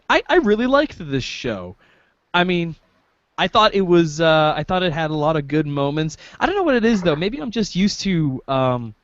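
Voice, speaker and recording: A man's voice: a little high, no echo. A man co-hosting a casual review podcast, talking with many ums and restarts. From northern United States. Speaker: podcast co-host. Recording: dry, muffled lo-fi mic.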